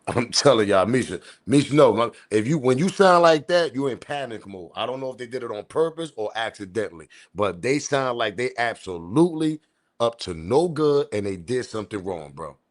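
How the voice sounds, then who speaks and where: A man giving casual, animated livestream commentary, repeating himself, swearing and chuckling. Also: medium pitch, moderate pace. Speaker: online news commentator.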